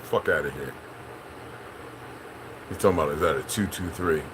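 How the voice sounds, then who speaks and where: A man's voice: very deep voice, normal speed, background noise. A middle-aged man, a channel host, in a rambling, profane, preachy unscripted monologue.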